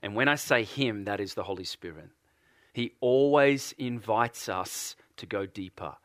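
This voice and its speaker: A man with an Australian accent delivers a sermon in a slow, unhurried cadence. He repeats his phrases and presses earnest questions on his listeners. The voice sits close and dry, with little room sound. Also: fairly low pitch, no room sound. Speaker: preacher.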